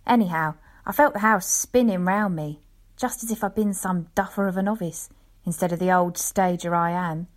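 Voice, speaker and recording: Storybook: woman doing an unhurried old lion tamer, folksy and rambling, lowish voice. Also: close to an everyday voice. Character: old male lion tamer, leisurely pipe-smoking storyteller.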